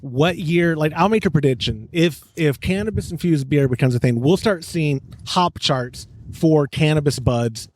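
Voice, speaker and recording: A man hosting a casual homebrewing podcast, joking and rambling, quick to laugh. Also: fairly high pitch, a little mellow, a little hiss or hum. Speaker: podcast host. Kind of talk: casual chat.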